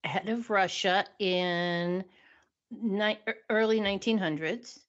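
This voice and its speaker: Slow-talking, hesitant woman. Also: mid-range voice. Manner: hesitant, searching for words with fillers. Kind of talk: casual chat. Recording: dull lo-fi sound.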